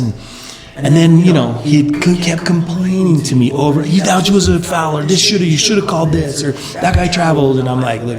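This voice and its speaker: A company founder, appearing as a guest in a casual interview, tells animated stories, and his rather high, vocal-fry voice climbs as each one builds. The sound is roomy.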